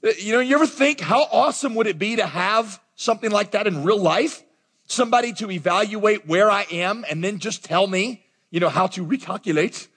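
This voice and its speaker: A man's voice: sits high, brisk, fairly bright tone, husky. A man preaching a sermon as pastor, talking conversationally and addressing the congregation directly. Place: large church auditorium. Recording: long reverb of a large hall.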